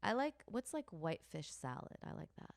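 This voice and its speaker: A woman's voice: on the low side, sing-song, brisk, vocal fry, no room sound, studio quality. A woman co-hosting a comedy podcast, chatting frankly and teasing with frequent laughter. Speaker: podcast co-host. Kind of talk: comedic casual chat.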